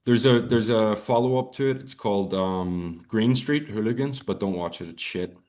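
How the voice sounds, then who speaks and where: A man's voice: lowish voice, moderate pace, darkish tone. A young Irish man chatting as a podcast guest, rambling and swearing freely with many restarts. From Ireland. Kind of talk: casual chat.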